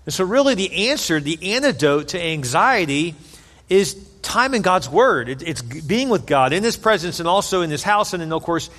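A man's voice: high-pitched, sing-song, normal speed, a bit bright, big-room sound. A man preaching a sermon in an earnest, conversational way, repeating phrases for emphasis. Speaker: pastor.

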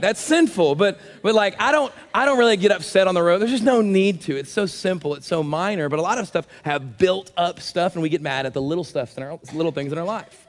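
A middle-aged man delivers a sermon full of humorous stories, acting out his own reactions along the way. His voice sits a little high for a man. The sound carries a long reverb from the hall he preaches in. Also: fairly quick, few pauses. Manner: humorous storytelling with acted asides. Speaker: pastor.

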